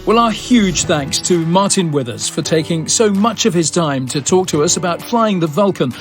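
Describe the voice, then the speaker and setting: A man's voice: high-pitched, animated, normal speed, soft background music. A man co-hosting a podcast, reading a polished, scripted sign-off. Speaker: podcast co-host.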